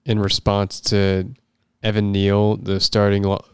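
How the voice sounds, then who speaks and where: A man with a fairly low, very smooth voice, recorded dry and close. He co-hosts a podcast, telling a story with plenty of pauses and fillers. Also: completely flat delivery, a little mellow, dry recording. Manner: rambling, hesitant with fillers. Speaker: podcast co-host. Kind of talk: casual chat.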